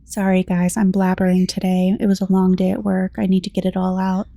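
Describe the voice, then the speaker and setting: An American woman giving relaxed, rambling commentary while playing a game, chatting to her viewers. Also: medium pitch, fairly quick, creaky, no echo. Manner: chatty, rambling, reads game text aloud. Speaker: gameplay commentator.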